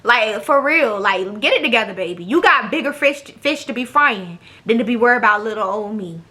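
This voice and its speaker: A woman's voice: on the high side, lively intonation, a little fast, pushed and bright. A young woman, telling a blunt, profane storytime to her camera. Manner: blunt, profane, sassy, mimics others. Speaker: vlogger. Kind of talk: casual storytime monologue.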